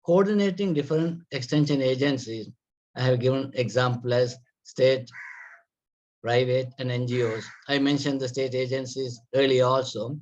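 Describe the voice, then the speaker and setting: A man with a Sri Lankan English accent giving a measured, methodical lecture on agricultural extension, listing points one by one. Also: medium pitch, steady tone, a little mellow. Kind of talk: explanatory lecture. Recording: dull lo-fi recording.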